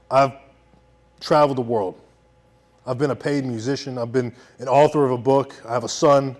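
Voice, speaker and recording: A young man telling a personal story on stage, intense, swinging from loud shouting to hushed quiet. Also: mid-range voice. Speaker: veteran storyteller.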